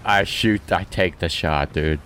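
A man's voice: low-pitched, a little slow, fairly bright tone, slight background noise. A man playing a tabletop game with friends, joking around casually. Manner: joking, laughing. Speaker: player.

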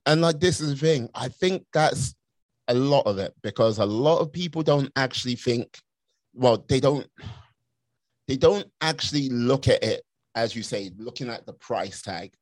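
A man's voice: medium pitch, animated, normal speed. A man hosting a podcast, talking casually and rambling with lots of fillers about discipline.

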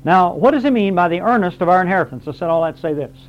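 A man's voice: high voice, animated, rapid-fire. A man teaching a Bible class, explaining verse by verse, reading scripture aloud and quizzing his students. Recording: dull lo-fi recording.

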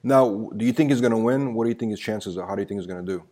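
A man hosting a casual interview, giving short affirmations and asking relaxed questions. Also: on the low side, rapid-fire.

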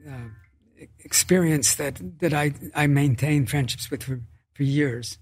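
An actor in his eighties talks as a guest on a casual podcast. He speaks haltingly, with many restarts and fillers. His voice sits a bit high and has a husky edge. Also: fairly even intonation, a little mellow. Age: 80s. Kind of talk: casual interview chat.

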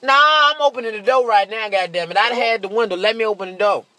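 Brash high-voiced profane comedian. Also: male voice, fast, pushed and bright, no echo. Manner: profane, brash, laughs often; slips into shrill mocking voices. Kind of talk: stand-up monologue.

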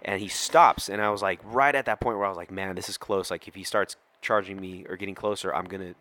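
A man's voice: low-pitched, fast talker. A middle-aged man, a police officer, telling a story on a podcast and acting out the quoted lines. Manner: animated storyteller who acts out quoted lines.

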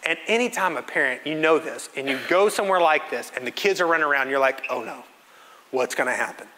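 A man's voice: on the high side, fast talker. A man, preaching as a pastor and telling a funny family story with acted-out quotes. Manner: animated, self-mocking storytelling with acted-out quotes. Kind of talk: sermon storytelling. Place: church sanctuary. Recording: reverberant church hall.

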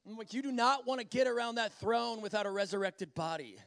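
A man preaching a sermon in an animated way, often acting out voices and laughing. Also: high-pitched, a little fast, vocal fry, dry recording, clean studio sound.

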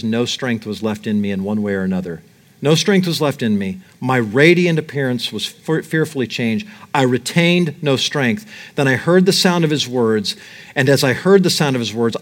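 A middle-aged male pastor preaching a sermon, reading scripture aloud and acting out the fear of the people in it. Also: medium pitch. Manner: animated, reads scripture aloud and acts out Daniel's terror.

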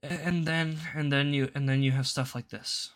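Bright-voiced young man ranting profanely. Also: on the high side, steady tone, normal speed. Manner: angry, profane ranting with sudden loud outbursts. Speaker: host. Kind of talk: political commentary.

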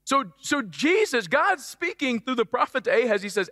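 At a normal pace with few pauses, a bright, high-pitched male pastor delivers a lively, playful sermon, punching key words with abrupt loud emphasis. His voice sounds close and dry, yet a long reverb lingers after it.

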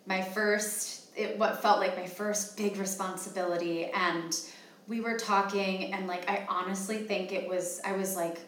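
A woman's voice: medium pitch, steady tone, unhurried, a bit bright, a little hiss or hum. A woman in her twenties hosting a casual panel, telling chatty stories full of fillers. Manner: chatty storyteller, many fillers. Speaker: host. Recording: echoey, distant from the mic.

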